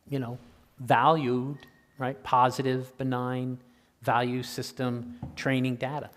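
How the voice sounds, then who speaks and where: An older male lecturer answers audience questions in an easy, conversational way, tagging "right?" onto his points. His voice sits at a medium pitch. The sound carries the long reverb of a lecture hall. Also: a bit bright. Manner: conversational, keeps asking "right?".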